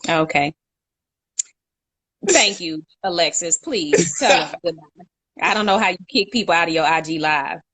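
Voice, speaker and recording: A woman's voice: on the low side, animated, moderate pace, fairly bright tone, no room sound. A young woman co-hosting a casual live chat, talkative and laughing, reading out viewer comments. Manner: chatty, laughs often, reads out viewer comments. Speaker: co-host.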